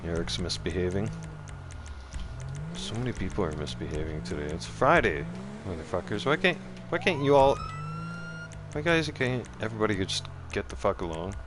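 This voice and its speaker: A man's voice: deep voice, expressive, normal speed, long pauses, over music. A man streaming a game, giving profane, taunting commentary to other players. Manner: trash-talking, profane, taunting. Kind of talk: gameplay commentary. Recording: game gunfire behind voice.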